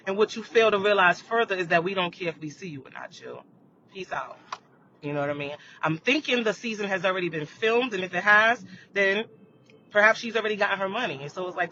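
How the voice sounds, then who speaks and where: A man hosting a casual live chat, rambling about current events and checking in with viewers with "you know what I mean". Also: bright, forceful tone. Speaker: livestream host. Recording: muffled lo-fi audio with faint rumble.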